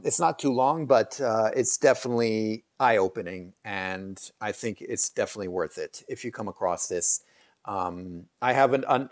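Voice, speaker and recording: A man hosting a casual book review video, talking in a rambling, hesitant way with many fillers and restarts. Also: lowish voice. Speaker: channel host reviewing books.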